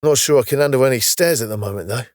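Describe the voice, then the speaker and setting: A man's voice: mid-range voice, quick pace, dry recording, clean studio sound, pitched above the performer's own voice, close to an everyday voice. A man doing a frail, jokey old British man. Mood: chatty. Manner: joking, down-to-earth, breathless. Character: frail older British man woken from long sleep.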